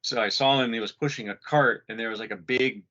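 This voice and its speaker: A man's voice: medium pitch, brisk, bright, forceful tone. A man co-hosting a podcast, telling a story casually and profanely while acting out voices, talking from home over a muffled call. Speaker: podcast co-host. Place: home condo.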